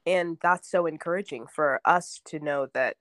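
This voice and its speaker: A woman's voice: deep voice, normal speed, no echo. Woman, 30s, podcast co-host: earnest storyteller, dry close sound. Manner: earnest, warm storyteller, acts out child's voice. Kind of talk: casual chat.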